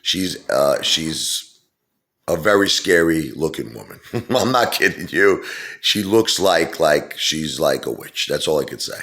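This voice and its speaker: A man's voice: a bass voice, animated, measured pace, a bit bright. A middle-aged man telling a rambling, casual story full of fillers and asides. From Brooklyn, New York. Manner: rambling, digressive, many fillers. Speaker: vlogger.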